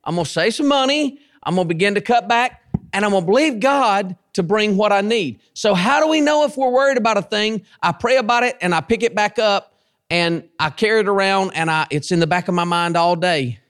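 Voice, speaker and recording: Animated preaching man with a lively voice. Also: high-pitched. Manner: animated preaching, drawn-out emphatic repetitions. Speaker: pastor and station head. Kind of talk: sermon.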